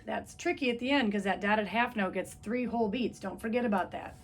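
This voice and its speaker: A woman's voice: mid-range voice, fairly quick. A woman music teacher giving a patient, step-by-step trumpet lesson, counting beats aloud. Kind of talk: instrument lesson video.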